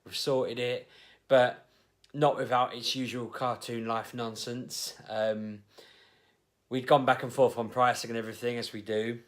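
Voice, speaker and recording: A man's voice: mid-range voice, little pitch movement, unhurried. A man telling a story to camera in a rambling, chatty way, with fillers and restarts. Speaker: vlogger, host of the show.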